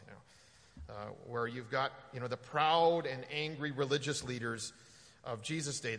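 A man preaching in a loose, conversational way, with a gravelly edge to his voice and frequent ums and restarts. His words ring out with a long hall reverb behind them. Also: medium pitch, fairly bright tone. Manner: conversational, halting with fillers and restarts. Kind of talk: sermon.

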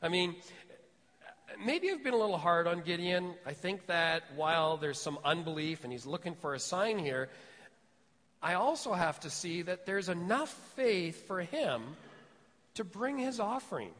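A male pastor giving a conversational sermon, often dropping to a soft, low voice for emphasis. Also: expressive, measured pace, big-room sound. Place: church sanctuary.

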